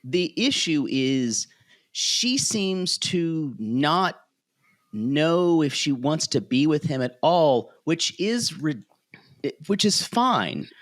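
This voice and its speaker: A man talking in a casual TV recap podcast, his pitch swinging up and down from one line to the next. He keeps it chatty and lively, often slipping into quick impressions of the people he talks about. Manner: animated, quick to mimic cast members. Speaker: podcast host. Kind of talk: casual reality TV recap chat.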